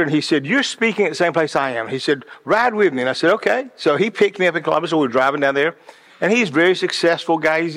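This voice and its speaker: In a hall with long reverb, a man with a fairly high, fairly bright voice delivers a sermon-like talk on decisions. He is passionate and earnest, often repeating words as he builds toward a point.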